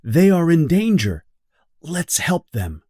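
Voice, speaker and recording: A man's voice: a little high, very animated, takes it slowly, warm tone, slightly rough, dry recording, clean studio sound, voice pushed up, full character voice. A man voicing a tiny brave female fairy in a storybook reading, speaking urgently. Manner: urgent, pressing.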